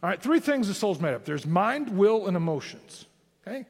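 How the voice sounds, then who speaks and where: A man's voice: high voice, sing-song, moderate pace, a little mellow, breathy edge, in a large hall. A man with a Southern Tennessee accent preaching a sermon as pastor, with emphatic rising lines.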